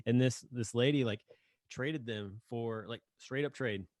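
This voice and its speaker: A man's voice: mid-range voice, a little slow, darkish tone, no room sound. Laid-back man from Northern Indiana. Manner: laid-back, laughs easily, rambles with fillers. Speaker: podcast co-host. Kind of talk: casual chat. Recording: dry close sound.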